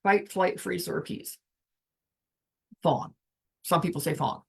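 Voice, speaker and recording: This woman's voice is on the low side, creaky and slightly rough. As a spiritual coach, she teaches in a casual, reflective way, leading slow breathing and frequently leaving sentences unfinished.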